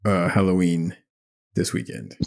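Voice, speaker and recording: A man's voice: sits low, flat delivery, unhurried, darkish tone. A man co-hosting a casual podcast, answering in short, laid-back replies and frequent backchannel sounds. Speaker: podcast co-host. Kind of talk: casual chat.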